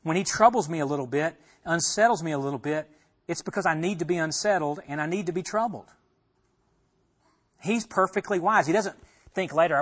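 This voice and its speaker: A man's voice: fairly high pitch, brisk, slightly rough. A man teaching a Bible passage as a pastor, conversational, asking his listeners questions and repeating himself as he talks it through. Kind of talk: expository sermon.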